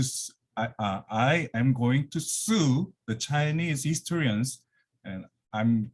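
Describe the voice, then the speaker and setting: Man, halting and breathless. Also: medium pitch, breathy edge. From Korea. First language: Korean. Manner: halting, with many fillers and restarts. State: slightly out of breath. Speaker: guest lecturer. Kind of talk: academic presentation over video call. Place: his office.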